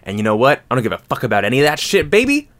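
A man's voice: medium pitch, very fast, a bit bright. A young man co-hosting a casual podcast chat, crude and joking, laughing often. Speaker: podcast co-host.

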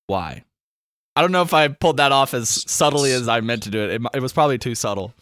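A young man from Alabama, hosting a casual podcast and reading riddles in a playful, drawn-out way. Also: medium pitch, lively intonation, a bit bright, no room sound, clean studio sound. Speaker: podcast host.

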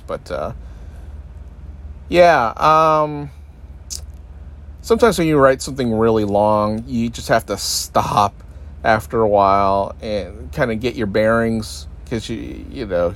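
Male podcast host, Northeastern US, casual rambling monologue, wry and self-mocking. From Northeastern United States. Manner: rambling, self-deprecating, jumps into high-pitched mocking voices for others.

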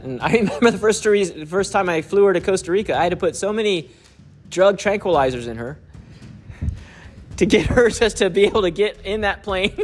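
A man preaching through a personal story, chuckling often as he talks. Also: sits high. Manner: chuckles often while telling stories. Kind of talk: storytelling sermon.

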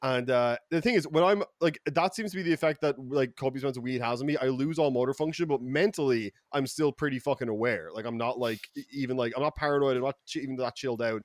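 An Irish man tells stories on a casual podcast, profane and animated, with his voice jumping up in sudden loud bursts. He talks fast. The room sounds dry and close. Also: medium pitch, dry recording. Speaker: podcast co-host.

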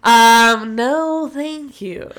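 A woman's voice: fairly high pitch, drawn-out words, fairly bright tone. A woman in her thirties, a podcast co-host telling stories in casual chat, her voice stuffy from allergies. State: congested from allergies.

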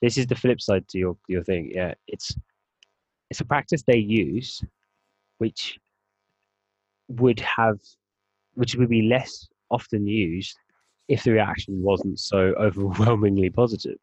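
A man co-hosting a casual podcast chat, laying out his argument in a measured way. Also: fairly low pitch, no room sound. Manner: measured, arguing a point calmly. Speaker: podcast co-host. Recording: dull lo-fi sound, dry.

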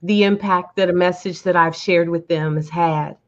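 A woman's voice: on the low side, fairly even intonation, normal speed, lo-fi sound. A woman guest speaker answering interview questions in a heartfelt, earnest way, repeating words for emphasis.

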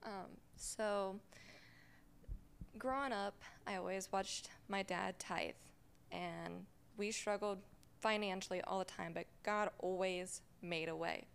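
Young woman with a gravelly voice, hesitant testimony. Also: medium pitch, slow. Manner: hesitant, with fillers, tearful at moments. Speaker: church member giving testimony. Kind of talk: personal testimony. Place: church sanctuary. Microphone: handheld mic.

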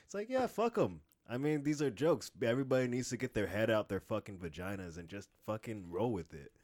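A man co-hosting a podcast and trying out stand-up, talking in loud, profane, animated rants. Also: mid-range voice, brisk, creaky. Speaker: podcast co-host, aspiring stand-up comic. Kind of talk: casual podcast chat.

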